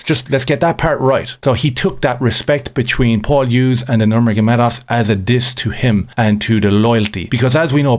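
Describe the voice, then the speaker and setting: An Irish man hosting an MMA commentary channel, giving blunt, heated opinions and swearing freely. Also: medium pitch. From Ireland.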